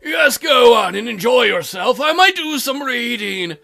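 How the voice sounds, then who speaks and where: A man voicing a fatherly older man who speaks in a gentle, proper way. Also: very high voice, expressive, unhurried, vocal fry, heavily acted. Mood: mild.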